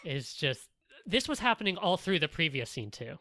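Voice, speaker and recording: A podcast co-host in a casual discussion, talking in an animated way with many fillers and restarts. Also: mid-range voice, moderate pace, no echo.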